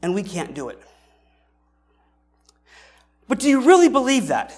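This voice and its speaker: A man's voice: very high voice, huge pitch swings, a little slow, a little mellow. A male pastor preaching a sermon in a conversational way, asking rhetorical questions and often restarting his sentences.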